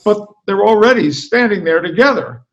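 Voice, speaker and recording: Man voicing a dry-witted dog narrator, slightly high, gravelly edge, dull lo-fi audio. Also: moderate pace. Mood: wry. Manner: dry deadpan storytelling, reading aloud. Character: wry observational male dog narrator. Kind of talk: reading a comic novel aloud.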